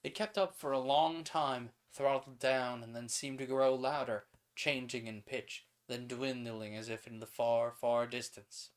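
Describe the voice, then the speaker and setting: Casting: male streamer, mid-pitched, steady story reader with offhand asides. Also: a little slow, few pauses, smooth. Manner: reads steadily, then adds casual asides and paraphrases. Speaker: streamer reading old pulp stories aloud. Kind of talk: reading a story aloud on a stream.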